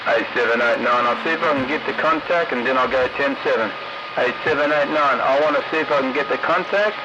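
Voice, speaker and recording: A man's voice: mid-range voice, a little fast. Brash Australian man over noisy radio. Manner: brash, calls repeatedly for contact. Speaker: CB radio operator. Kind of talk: shortwave radio chatter. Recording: noisy, muffled shortwave radio signal.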